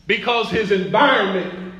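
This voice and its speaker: A pastor preaching a sermon in a church, building through repeated phrases and calls to the congregation. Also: male voice, high-pitched, moderate pace, sharp tone. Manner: preaching with rising call-and-response. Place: church sanctuary. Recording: echoey church room.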